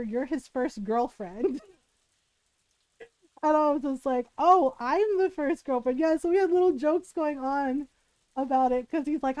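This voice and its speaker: A middle-aged woman chats through a long family story while streaming, her talk loose and full of fillers and little laughs. Her voice sits a little high yet has a soft, mellow tone. The sound is close and dry, with no room around it. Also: dry recording, low-quality recording. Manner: chatty, rambling, many fillers and laughs. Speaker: livestreamer.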